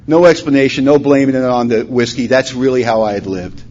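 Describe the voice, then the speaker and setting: A man's voice: mid-range voice, brisk. Dull lo-fi talk from a man in recovery. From Washington state, USA. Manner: storytelling, acting out dialogue, emotional swings from loud to hushed. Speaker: recovery meeting speaker. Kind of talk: personal testimony talk. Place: conference hall. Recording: dull lo-fi conference recording, faint hum.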